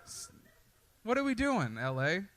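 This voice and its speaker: A man's voice: sits high, very animated, measured pace, a bit bright, no echo. A man doing a loose, conversational stand-up comedy set with swearing and asides, on a comedy club stage into a handheld mic. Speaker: stand-up comic.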